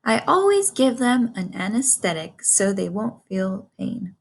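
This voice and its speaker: A woman voicing a calm female spider with a sweet, musical, brisk way of speaking, reading a storybook aloud. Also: medium pitch, gravelly, heavily acted.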